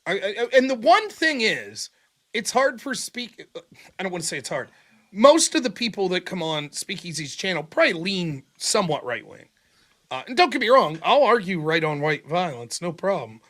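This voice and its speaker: Man, livestream host, high-pitched, bright tone, casual profane chat. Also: moderate pace. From America. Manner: profane, animated storytelling.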